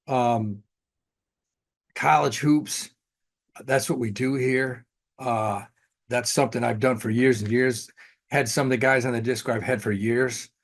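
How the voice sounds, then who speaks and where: A man's voice: medium pitch, fairly even intonation, measured pace, pauses often. Blunt man giving betting picks. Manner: blunt, offhand, with frequent fillers. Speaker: sports betting analyst. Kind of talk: casual betting picks monologue.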